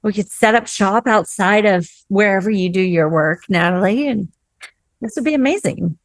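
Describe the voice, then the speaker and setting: Gravelly-voiced enthusiastic woman co-host. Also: mid-range voice, moderate pace, no room sound. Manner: enthusiastic and gushing, playful. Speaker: podcast co-host. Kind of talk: casual interview chat.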